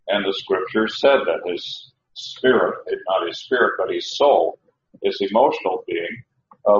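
A man preaching an expository sermon as pastor, halting often with fillers and restarts as he works through the text. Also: fairly low pitch, roomy sound, dull audio, a little hiss or hum.

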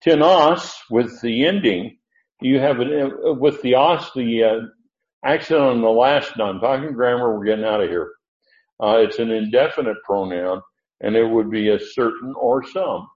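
A man's voice: medium pitch, darkish tone. A man teaching scripture in a loose, conversational way, drifting and backing up to correct himself as he goes. His voice sits in a middling register. The recording is muffled and lo-fi, with a strong room echo around him. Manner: rambling, self-correcting, thinks aloud. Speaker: Bible teacher. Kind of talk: informal Bible teaching. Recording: echoey, dull lo-fi room recording.

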